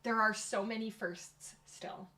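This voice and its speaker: A woman's voice: medium pitch, steady tone, measured pace, pushed and bright. A woman youth pastor speaking as a guest in a casual interview, thoughtful and reflective.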